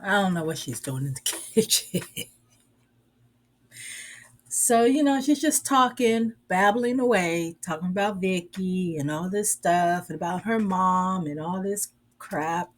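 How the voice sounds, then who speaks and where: Slow, sassy woman recapping a show. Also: lowish voice, animated. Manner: sassy, sarcastic, drawling storyteller. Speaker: reviewer. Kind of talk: casual recap and commentary.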